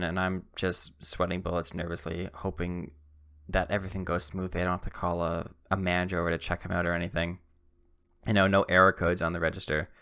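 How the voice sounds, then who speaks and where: A man's voice: low voice, bright, forceful tone, clear, resonant tone. A young man hosting a podcast, telling a story casually with self-deprecating humor and acting out both sides of a conversation. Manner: self-deprecating, acts out both sides of the exchange, stumbles and restarts. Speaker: podcast host.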